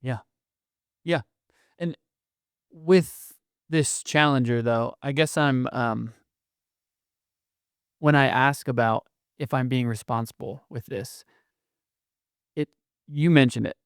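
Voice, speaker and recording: A man's voice: medium pitch, takes it slowly, pauses often, smooth, no echo, studio quality. A man co-hosting a podcast, asking questions in a thoughtful, hesitant way. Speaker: podcast co-host. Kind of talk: conversational podcast discussion.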